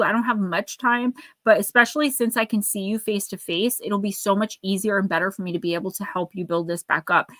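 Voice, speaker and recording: A woman's voice: medium pitch, fairly bright tone, no room sound. A woman giving an oracle card reading on a live stream, speaking earnestly and caringly to her viewers by name.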